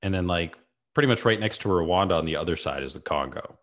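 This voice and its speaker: Male podcast co-host, low voice, relaxed explainer, heavy on "like" and "you know". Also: quick pace. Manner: laid-back, explaining with many fillers. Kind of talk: casual chat.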